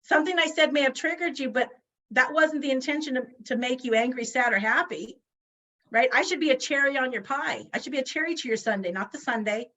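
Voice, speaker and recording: Bright, emphatic woman speaker. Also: sits high, a little fast, highs cut off, a little hiss or hum. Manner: emphatic, rhetorical questions, frequent "right?". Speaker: guest speaker. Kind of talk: motivational talk on a video call. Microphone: video call.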